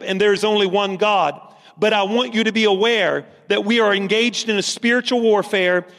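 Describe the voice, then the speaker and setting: A man's voice: high voice, a bit bright, big-room sound. A man preaching a sermon as pastor, emphatic and repeating lines for stress.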